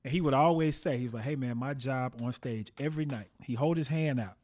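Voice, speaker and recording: A man from the Bay Area, a guest drummer, telling animated anecdotes and mimicking the people he quotes. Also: mid-range voice, fairly quick. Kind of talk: casual interview storytelling.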